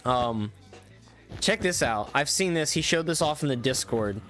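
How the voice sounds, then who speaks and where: A man's voice: medium pitch, expressive, unhurried, fairly bright tone, soft background music. A young man casually commenting on a live stream, chatty and enthusiastic with lots of fillers. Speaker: streamer reviewing viewer-made game mods.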